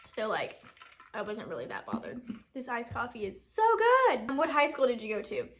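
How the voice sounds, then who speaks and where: A woman's voice: on the high side, wildly swooping pitch, moderate pace, background noise. A woman in her twenties from Alabama, chatting casually and rambling through a Q&A vlog, laughing often. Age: 20s. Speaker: beauty YouTuber.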